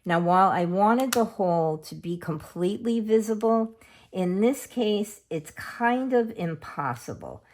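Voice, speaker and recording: A middle-aged woman hosting a casual craft tutorial at home, chatting homely and unhurried while she works with her hands. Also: medium pitch, lively intonation, a little mellow. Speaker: craft video host.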